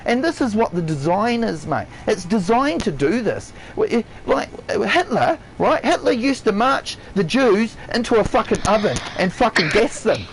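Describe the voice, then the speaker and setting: A man with a New Zealand accent rants on a live game stream and swears nearly every line. His pitch swings widely as he shouts one moment and drops low the next. He repeats his points again and again. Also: sing-song, normal speed, few pauses, slight background noise, poor audio. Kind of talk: heated rant on a live stream.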